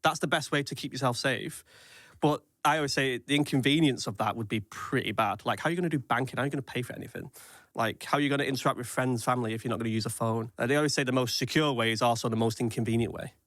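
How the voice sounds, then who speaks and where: A man talks through online security in a chatty podcast, laying things out as quick practical lists. His voice sits in an ordinary middle register, recorded close and dry. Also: mid-range voice, fairly bright tone, no echo. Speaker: cyber security expert guest. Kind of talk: casual podcast chat.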